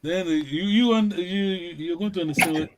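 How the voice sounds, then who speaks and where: A man who speaks natively, teaching a lesson over a video call, slow and patient, often checking in with a quick "yes?". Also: sits high, background noise. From Congo region, Kikongo-speaking village. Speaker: language teacher. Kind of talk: online language lesson.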